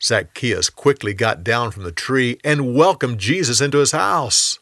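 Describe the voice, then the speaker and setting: A man narrating a Bible story in a calm, expressive storytelling manner. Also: medium pitch, unhurried, dry recording, clean studio sound.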